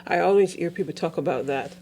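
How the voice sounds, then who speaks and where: A woman's voice: on the low side, fast, mellow, a little hiss or hum. A woman pastor hosting an interview, offering brief, sympathetic replies to her guest. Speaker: host, pastor. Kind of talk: casual interview chat.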